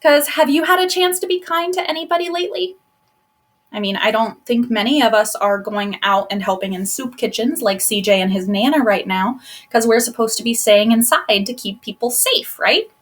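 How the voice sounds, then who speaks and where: A woman children's librarian leading a live online storytime from home, talking gently and encouragingly to young kids and explaining things simply over a laptop microphone. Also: a little high, moderate pace. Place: at home, laptop propped on a box.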